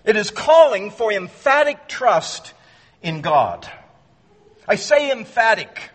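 A man preaching an expository sermon, earnest and emphatic, often repeating words as he restarts and slowing down to stress key phrases. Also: high voice, big pitch swings, husky. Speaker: pastor. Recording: long hall reverb.

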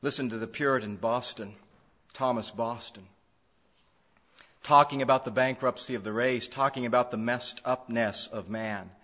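A man's voice: mid-range voice, normal speed, bright, forceful tone. A man preaching an expository sermon, emphatic, repeating phrases for stress. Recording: dull lo-fi sound in a reverberant hall.

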